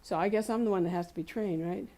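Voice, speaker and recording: Her voice on the low side and her pace fast, a woman preaches a conversational sermon at a spiritual community service in a community center hall. She tells warm stories from everyday life, laughing and using playful voices when quoting others.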